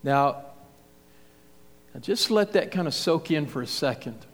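A man's voice: fairly high pitch, expressive, normal speed, a bit bright. A man preaching a verse-by-verse sermon in a folksy, conversational way, acting out the voices of the crowd and of Jesus. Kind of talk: expository sermon. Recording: long hall reverb.

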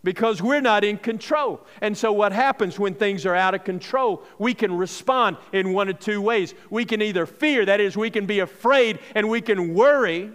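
A man's voice: sits high, normal speed, few pauses, a bit bright, long reverb tail. A man preaching a sermon in a conversational way, asking his listeners questions as he goes. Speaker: pastor.

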